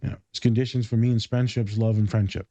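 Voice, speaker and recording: Blunt, profane man, mellow voice. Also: on the low side, fairly even intonation, fast, dry recording. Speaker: podcast host. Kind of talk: casual podcast chat. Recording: slightly dull lo-fi recording.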